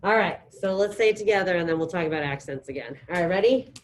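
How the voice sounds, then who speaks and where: A middle-aged woman teaching a high school Spanish class, leading drills in a chatty, encouraging way. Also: fast, poor audio. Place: classroom with students present and online.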